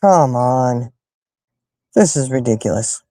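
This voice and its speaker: A woman hosting a casual chat with her viewers, telling stories in an animated, emphatic way and fussing loudly when annoyed. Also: rumbling low, takes it slowly, no echo. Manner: animated, emphatic storyteller who rants and fusses. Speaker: livestream host chatting with viewers.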